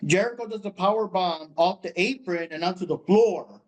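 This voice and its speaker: A young man co-hosting a podcast, rambling through match recaps in a casual, animated way with lots of filler words. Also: high-pitched, moderate pace, dull audio. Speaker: podcast co-host.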